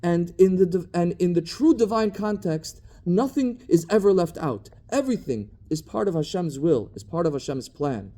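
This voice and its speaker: Dark-voiced man teaching Talmud. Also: sits high, animated, normal speed, hardly any pauses. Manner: reads Hebrew and Aramaic text, then translates phrase by phrase; thoughtful, searching for words mid-sentence. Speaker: Torah teacher. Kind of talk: Talmud study lecture.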